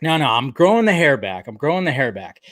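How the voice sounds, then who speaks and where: A man's voice: mid-range voice, very animated, fast talker, fairly bright tone, no room sound, clean studio sound. A man hosting a casual live stream, chatting and joking while he greets viewers by name.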